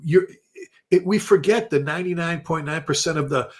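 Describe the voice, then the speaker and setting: A man's voice: fairly high pitch, moderate pace. A man, a retired fire chief, telling blunt, salty stories on a casual panel and acting out the voices of the people he quotes. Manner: animated storyteller who acts out quoted voices.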